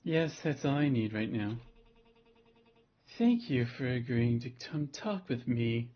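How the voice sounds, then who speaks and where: A man doing a slow, seductive cool researcher woman. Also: extremely low pitch, animated, lo-fi sound, heavily acted. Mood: calm.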